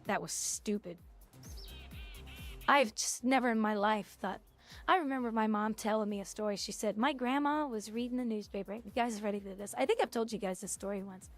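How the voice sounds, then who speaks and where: Young woman streamer just rambling, blunt and opinionated, kinda high voice, light music in the back. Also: brisk. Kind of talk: casual livestream chat.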